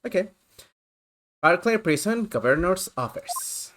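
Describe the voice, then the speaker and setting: A woman's voice: on the low side, very animated, a little slow. A woman streamer giving casual, chatty playthrough commentary, talking to herself and to chat.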